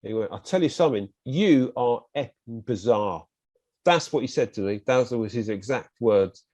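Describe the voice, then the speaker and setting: A man's voice: mid-range voice, normal speed, no room sound. A British man, a podcast guest, vividly retelling his story in casual conversation and acting out what others said. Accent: British English. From Britain. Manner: vivid retelling with acted quotes, animated bursts.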